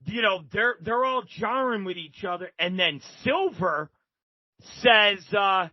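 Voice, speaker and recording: A man's voice: sits high, lively intonation, a little slow, no echo, muffled recording. A man as a podcast guest, telling rambling, profane stories with many restarts. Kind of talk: casual storytelling.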